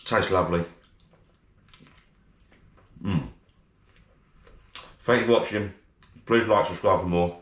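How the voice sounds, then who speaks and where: A man with a very low voice chats away jokily while cooking and eating at home. The room around him is echoey and hard. He talks in a relaxed, matey way. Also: takes it slowly, pauses often. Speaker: vlogger. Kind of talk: casual cooking vlog.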